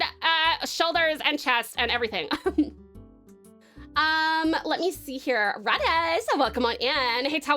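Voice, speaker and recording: A woman's voice: sits high, bright, forceful tone. An Australian woman from Tasmania chatting casually with viewers on a live stream, bubbly and gushing, with lots of fillers and restarts. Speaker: livestreamer.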